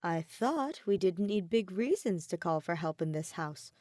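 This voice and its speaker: A woman's voice: on the low side, expressive, unhurried, warm tone, no room sound, studio quality. A woman doing a playful, teasing young man. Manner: light, teasing, theatrical.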